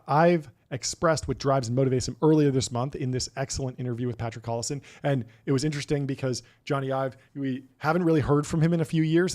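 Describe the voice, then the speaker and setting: A man's voice: mid-range voice, warm tone. A man co-hosting a tech podcast in casual chat, reading quotes aloud and riffing on them. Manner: chatty, reads quotes aloud and riffs on them. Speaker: podcast co-host.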